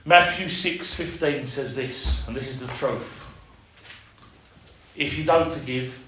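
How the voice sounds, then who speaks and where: A man's voice: mid-range voice, takes it slowly, pauses often, sharp tone, slight background noise. A man preaching a sermon, earnest and impassioned, in plain everyday speech. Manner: earnest, rising to impassioned, with everyday dialect grammar. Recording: echoey room.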